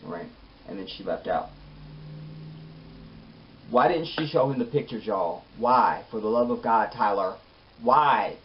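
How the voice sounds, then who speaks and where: A man giving a casual, animated recap of a TV episode, chatting with his viewers. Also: fairly low pitch, measured pace, long pauses. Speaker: TV show reviewer. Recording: slightly muffled, faint hiss.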